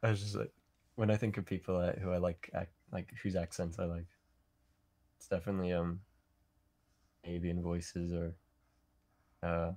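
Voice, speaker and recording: A deep, low-pitched man with a Northern English accent chats as a livestream guest. He talks in a dry, understated way, often hesitating before landing a quiet joke. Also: little pitch movement, moderate pace, long pauses. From England, near Leeds. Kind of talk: casual chat.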